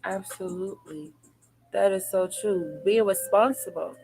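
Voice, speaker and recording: A woman hosting a live stream, reading out viewer comments and reflecting on them in a relaxed, affirming way. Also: medium pitch, a little slow, faint music behind, poor audio. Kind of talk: casual chat.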